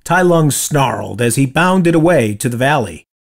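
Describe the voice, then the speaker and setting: A man reading a children's storybook aloud with expressive, dramatic storytelling. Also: medium pitch, normal speed, vocal fry. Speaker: storybook reader. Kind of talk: read-aloud storybook narration.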